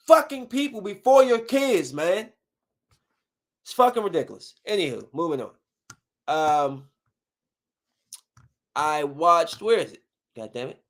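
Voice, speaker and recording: A male podcast host with a high voice who talks casually and swears freely. He rants with quick bursts of heat and then drops back to a low mutter. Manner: animated, profane rant with sudden outbursts. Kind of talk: casual chat review.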